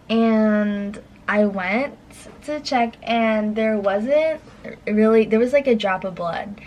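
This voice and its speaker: A woman telling a personal story in casual chat, rambling with lots of fillers and acting out her past lines in a higher voice. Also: slow, a little hiss or hum, poor audio. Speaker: guest storyteller.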